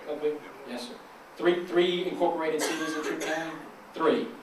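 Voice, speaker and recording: A fairly high-pitched man with a Southern US accent, speaking at a moderate pace, gives the keynote as chamber of commerce president. His folksy, joking talk pulls the local officials into call and response. Crowd noise mixes with the echo of the big hall, recorded from far away.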